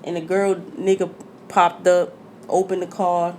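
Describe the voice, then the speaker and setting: A woman from Jersey City hosting a podcast in casual chat, telling stories in a profane, animated way. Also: on the low side, a little slow, slight background noise. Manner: storytelling, profane, animated retelling. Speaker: podcast host.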